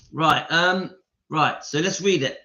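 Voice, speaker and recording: A man's voice: on the high side, fairly bright tone, reverberant, lo-fi sound. A middle-aged man hosting a casual live stream, chatty and openly emotional as he talks straight to his viewers.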